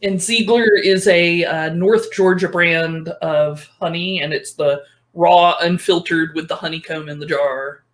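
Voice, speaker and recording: A woman's voice: lowish voice, fairly even intonation, unhurried. A woman chatting as a podcast guest, rambling along and correcting herself as she talks. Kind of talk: casual chat.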